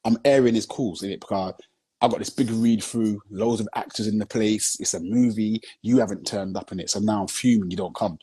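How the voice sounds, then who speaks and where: Speaking fairly quickly in a lowish, steady, mellow and husky voice, this man is a film director guesting on a live video stream captured by phone. He relates his story earnestly, constantly checking with "you know what I'm saying" whether you're following.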